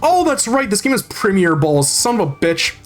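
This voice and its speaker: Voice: mid-range voice, sing-song, normal speed, faint music behind. A game streamer chatting casually while playing, rambling and swearing freely as they read and answer chat.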